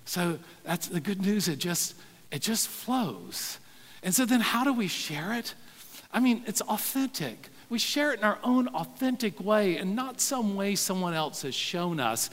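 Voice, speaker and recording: Casting: man pastor, folksy preaching, slightly high voice, long hall echo. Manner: folksy, says y'all, soft-spoken then animated. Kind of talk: sermon storytelling.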